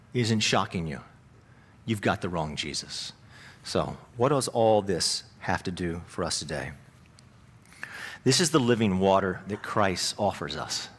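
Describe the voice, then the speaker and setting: A man pastor delivering a sermon, telling the story dramatically and moving between raised emphatic lines and hushed, low asides. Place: church.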